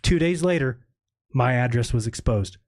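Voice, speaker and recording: A man's voice: medium pitch, expressive, normal speed, darkish tone, no echo, clean studio sound. A man in a played clip, complaining in an aggrieved rant.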